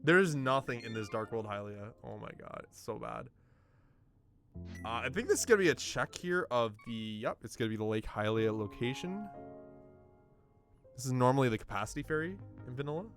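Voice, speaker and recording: A man casually commentating a video game race for his chat, excitable and laughing often, with sudden bursts of loud disbelief. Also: mid-range voice, fairly quick, soft background music.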